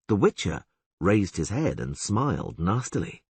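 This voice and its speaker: A man narrating an audiobook in a low, measured storytelling manner. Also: very animated, slightly rough, no room sound. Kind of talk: scripted narration.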